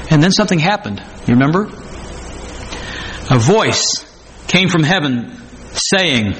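A man's voice: a little high, lively intonation, moderate pace, pauses often, a bit bright, a little hiss or hum. A man preaching a sermon, stressing his points by repeating phrases and acting out the scripture he quotes. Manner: acts out scripture quotes dramatically.

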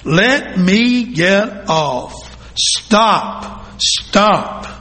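A man's voice: fairly high pitch, expressive, very slow, fairly bright tone, heavily acted. A man voicing a fragile female teacup that cries out and begs in a raised, strained voice. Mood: pleading, distressed. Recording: long hall reverb.

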